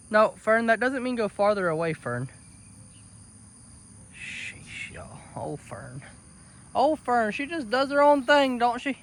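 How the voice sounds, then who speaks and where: A man talks to the camera while he fusses over his farm animals, cooing and sweet-talking them. He speaks in an unhurried drawl. His voice sounds close and dry, with no room echo. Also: very high voice, sharp tone. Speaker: homesteader vlogger. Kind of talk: casual vlog talk to camera. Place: outdoors on a farm by a cattle fence.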